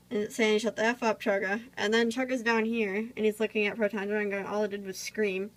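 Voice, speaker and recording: A woman's voice: mid-range voice, fairly bright tone, rough recording. A woman chatting casually while she draws, rambling with lots of fillers, recorded on a phone camera. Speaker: vlogger drawing on camera. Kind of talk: casual drawing tutorial chat.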